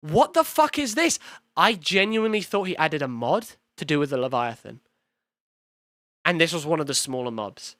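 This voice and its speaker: An excitable young man with a high, bright voice rambles through his own video on stream, swearing and breaking into quick bursts. The mic sound is close and dry, with no room echo. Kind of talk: casual reaction commentary.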